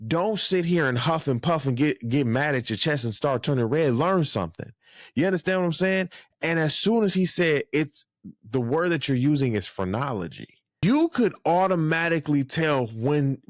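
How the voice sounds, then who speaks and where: Animated man with a lively, swooping voice. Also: no echo, clean studio sound. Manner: animated, profane, rising to high exclaims. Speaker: podcast commentator. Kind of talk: casual commentary.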